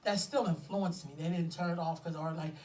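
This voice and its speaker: A woman co-hosting a casual talk show, chatty and animated, talking to listeners as y'all. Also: on the low side, a little fast, distant mic, slight background noise. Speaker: podcast co-host. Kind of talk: casual chat.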